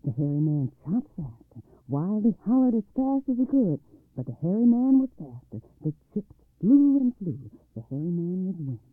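A man reading a folktale aloud, expressive, shifting his pitch and volume. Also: normal speed, no echo. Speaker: storyteller. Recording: dry tinny phone-like line.

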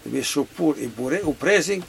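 A man's voice: fairly high pitch, animated, fairly quick, gravelly, husky. An older man from Yugoslavia with a Yugoslavian accent, speaking broken English and often repeating "you see" in an oral history interview. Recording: 1970s tape with background noise.

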